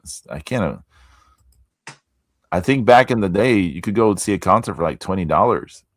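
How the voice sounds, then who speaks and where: A man with a very low voice hosts a relaxed wrestling chat show, easygoing and chatty as he reads out comments. His sound is dry and close, with no room around it. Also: moderate pace, dry recording. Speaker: podcast host.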